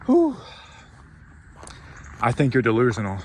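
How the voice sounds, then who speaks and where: A man's voice: medium pitch, a little slow, slight background noise. A man delivering an intense, profane motivational rant, rambling and mocking himself as he goes. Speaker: podcast host.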